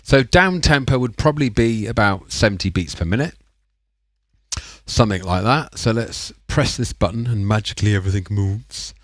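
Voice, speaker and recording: Chatty man with a low voice. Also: lively intonation, moderate pace, no room sound, studio quality. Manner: rambling, chatty and self-mocking. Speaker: livestream music producer. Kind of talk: casual live-stream chat.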